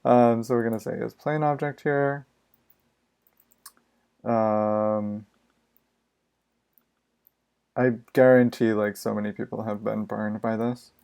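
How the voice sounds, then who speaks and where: A man's voice: fairly low pitch, fairly even intonation, slow pace, creaky, long pauses, a little mellow, clean tone. A man live-streaming himself programming, muttering his thoughts aloud in a casual, exasperated way and swearing freely.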